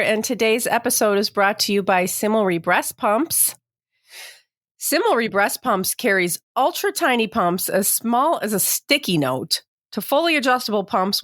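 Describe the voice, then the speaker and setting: A woman's voice: on the high side, expressive, normal speed, a bit bright, no echo, clean studio sound. A woman co-hosting a podcast in casual chat, chatty and self-deprecating, often laughing. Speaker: podcast co-host.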